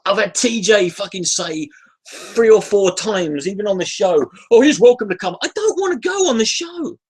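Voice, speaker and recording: A man's voice: high-pitched, breathy edge. A man ranting at his chat in a casual, profane livestream, irritable and sighing, breaking off and restarting his sentences. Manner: irritable, sweary, restarts often, sighs. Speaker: YouTuber ranting on a live stream.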